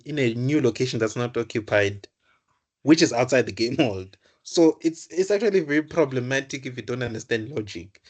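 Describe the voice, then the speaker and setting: A young man tutoring computer science, explaining code aloud, often correcting himself and repeating words. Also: medium pitch. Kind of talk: live coding lesson.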